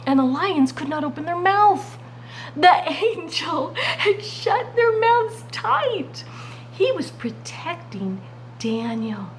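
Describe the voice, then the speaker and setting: A woman Sunday school teacher telling a Bible story to children in an expressive way. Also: very high voice, slow pace, slight background noise, low-quality recording. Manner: expressive, warm addresses to "friends".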